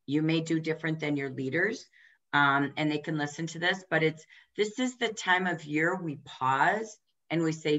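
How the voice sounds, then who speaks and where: Low-voiced woman coaching with emphasis. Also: pushed and bright, muffled recording. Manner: direct, emphatic coaching with quick rhetorical questions. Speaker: direct sales leadership trainer. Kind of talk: training talk to team leaders.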